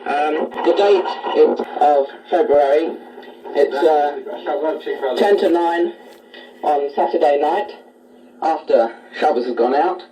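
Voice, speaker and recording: In a family home, a man with a slightly high voice introduces his relatives one by one on a casual spoken letter recorded to tape. He is chatty and gently formal, using lots of fillers and many pauses, and the home recording sounds distant.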